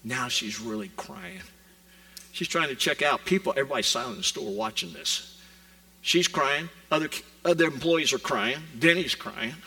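A man pastor preaching a sermon and telling a story with animated delivery, acting out the people in it. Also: a little high, normal speed, vocal fry, far from the mic, poor audio. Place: church sanctuary.

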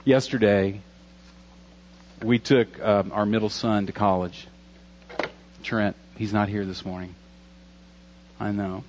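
A man's voice: on the low side, fairly even intonation, slow, pauses often, darkish tone, lo-fi sound, slight background noise. A pastor in his forties giving an earnest, conversational sermon with a few jokes. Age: 40s.

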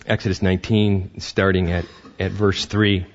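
A man preaching a sermon as pastor, animated, acting out voices and often restarting his sentences. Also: low-pitched, moderate pace, dull audio.

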